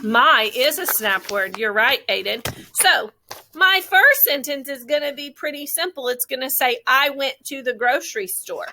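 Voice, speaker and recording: A woman teaching a phonics lesson to a class of young children, slowly stretching out the sounds of words. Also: sits high, pushed and bright.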